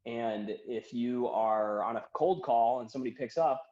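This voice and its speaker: A man, a comedian and author, chatting as a podcast guest, rambling and animated as he tells stories and acts out quotes. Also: mid-range voice, moderate pace, a little hiss or hum. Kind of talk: casual podcast conversation. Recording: dull roomy remote audio.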